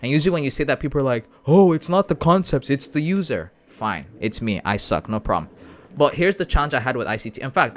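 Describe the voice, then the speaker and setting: A man from Canada hosting a casual live stream. He chats with his viewers in a relaxed, friendly way about his trading, often calling them bro and man. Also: lowish voice. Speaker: livestream host sharing trading analysis.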